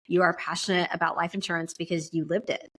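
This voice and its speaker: A woman with a somewhat low voice hosts a casual podcast conversation. She sounds friendly and affirming. She often chimes in to agree with her guest. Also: flat delivery, fast talker, a bit bright. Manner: friendly, affirming, with frequent "mm-hmm" and "yeah". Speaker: podcast host.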